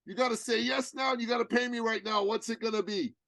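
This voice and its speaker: A man's voice: quick pace, vocal fry, no echo, rough recording. A man voicing his younger, broke self as a giddy, squealing young man. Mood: pushy. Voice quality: shrill, squealing, gleeful.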